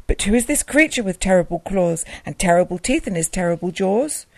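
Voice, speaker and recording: A woman reading a rhyming picture book aloud in a sing-song, expressive way. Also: fairly low pitch, normal speed, gravelly, no echo. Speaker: storyteller.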